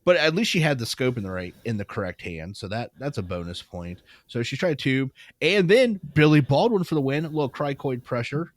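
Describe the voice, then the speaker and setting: A man co-hosting a podcast, reviewing a movie in casual chat, animated and laughing often, with casual swearing. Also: mid-range voice, brisk, hardly any pauses, dry recording. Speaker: podcast co-host.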